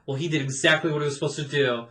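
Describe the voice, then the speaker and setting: Man, co-host; bright, a touch high; lively sarcastic storyteller. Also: racing, slight background noise. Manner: animated storyteller, sarcastic quoted asides. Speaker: podcast co-host, former theme park cast member. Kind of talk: casual storytelling chat.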